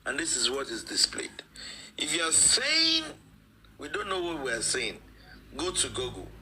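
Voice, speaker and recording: A man's voice: on the high side, sing-song, normal speed, sharp tone, slight background noise, rough recording. A man, speaking as a guest in a live-stream discussion, emphatic and repeating phrases for stress.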